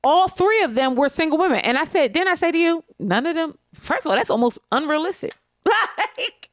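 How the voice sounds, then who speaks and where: A woman's voice: high voice, expressive, fairly quick, no echo, clean studio sound. A woman co-hosting a podcast from her couch at home, talking bluntly and swearing freely as she rants. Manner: blunt, profane, emphatic ranting. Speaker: podcast co-host. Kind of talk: casual chat. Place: living room couch at home.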